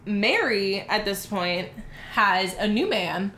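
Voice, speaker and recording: A woman tells a story in a brash, profane, lively way. She chats casually, trading remarks with her co-hosts. Her voice sits at a middle pitch and carries a roomy echo. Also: slow, slight background noise. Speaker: podcast co-host.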